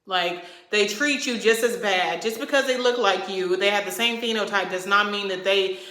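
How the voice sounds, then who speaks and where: Venting to the camera in an echoey room, this young vlogger is heated and swears as she drives her points home with emphasis. She speaks at a normal speed in a medium-pitched, slightly bright voice.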